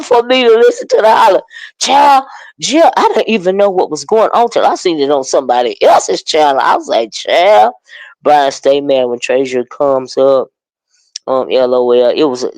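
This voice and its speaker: A woman hosting a live commentary stream, chatting casually and excitedly with her viewers, calling out their names and sprinkling in "child" and "honey.". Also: medium pitch, no echo, poor audio. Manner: chatty, animated, greets chat viewers by name; exclamatory, with drawn-out "child" and "honey". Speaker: livestream commentary host.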